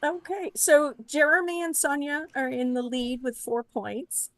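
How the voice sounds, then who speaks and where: A woman's voice: high voice, measured pace, fairly bright tone, no room sound, rough recording. A woman keeping score on a trivia show, matter-of-fact in delivery.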